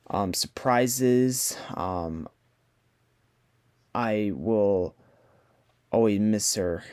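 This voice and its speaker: A young man talks to his viewers into a computer mic, slow and hesitant. His voice sits a little low, and he stumbles through fillers and restarts. He keeps sighing as he tries not to cry. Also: a little mellow. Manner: halting, many fillers and restarts, holding back tears. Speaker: vlogger. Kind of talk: casual personal talk to camera. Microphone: computer mic on a video call.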